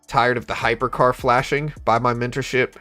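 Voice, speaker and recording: A young man hosts a live trading stream, chatting casually and slangily with his audience and reading their comments aloud, growing animated when he jokes. His voice is medium-pitched at a normal speed, with soft background music playing.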